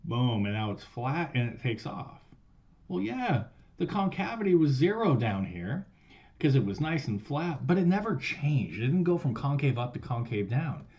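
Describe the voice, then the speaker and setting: A man teaching a casual recorded math lesson, loose and profane, swinging between loud stressed words and quiet trailing asides. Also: mid-range voice, sing-song, normal speed, highs cut off. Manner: loose and profane, swears casually while explaining.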